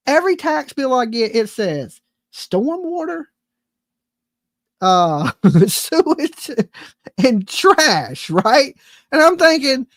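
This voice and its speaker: Fed-up woman host, swearing and rambling, voice a bit high, jumps all over in pitch. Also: very animated, takes it slowly, no echo. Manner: profane, exasperated, rambling with restarts. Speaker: livestream host. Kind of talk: casual ranting chat. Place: home.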